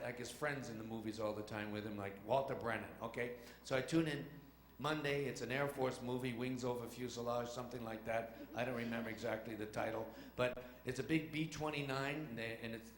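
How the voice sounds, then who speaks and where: A man's voice: mid-range voice, a little hiss or hum. A male stand-up comedian tells rambling, chatty stories and throws in sound effects. His mid-range voice rings through an echoey theater with a faint audience murmur. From New York. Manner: chatty, acts out voices and engine noises. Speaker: stage comedian. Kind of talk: stand-up storytelling. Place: theater stage.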